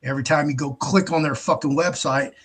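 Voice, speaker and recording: A man's voice: a little high, brisk, fairly bright tone, slightly rough. A male show host delivering a blunt, profane, exasperated rant with frequent restarts. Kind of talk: ranting monologue.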